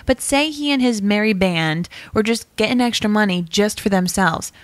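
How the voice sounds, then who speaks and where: A woman talks in a casual podcast chat, animated and playful as she retells scenes. Her voice sits at an ordinary pitch for a woman, and the recording is dry, with no room sound. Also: normal speed, no room sound. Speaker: podcast co-host.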